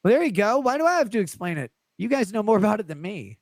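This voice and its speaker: A man's voice: high voice, very animated, fast talker, dry recording. A man chatting as a guest on a livestream, rambling, laughing often and reading chat messages aloud. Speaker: stream guest.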